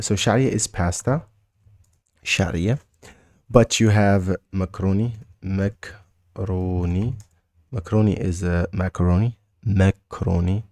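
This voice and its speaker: A man with a Mauritanian accent gives a relaxed language lesson, saying each word over and over at an easy pace. His voice sits very low with a gravelly edge. The recording is close and dry. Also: no room sound. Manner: repeats words slowly, loose and chatty. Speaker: language teacher.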